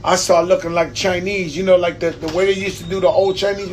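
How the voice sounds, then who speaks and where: A man with a high, flat voice hosts a live stream, talking fairly quickly in a New York accent. He tells loose stories full of swearing and laughs.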